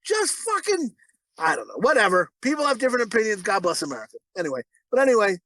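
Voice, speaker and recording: A man's voice: high-pitched, fast, dry recording. A man co-hosting a crude movie review podcast, ranting and swearing freely. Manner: profane, ranting, animated. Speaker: podcast co-host. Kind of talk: casual movie review chat.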